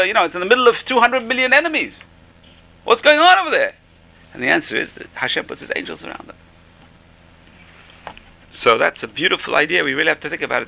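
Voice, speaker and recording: Gravelly male teacher with a very bright tone, enthusiastic informal religious class. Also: on the high side, poor audio. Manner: enthusiastic, repeats "amazing". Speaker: Torah teacher.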